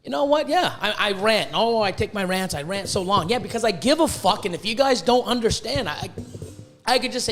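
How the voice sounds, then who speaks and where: A man's voice: sits high, lively intonation, a little fast, fairly bright tone, soft background music. A man hosting a podcast, ranting bluntly with constant swearing about breeding reptiles. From Canada. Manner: profane, heated, blunt.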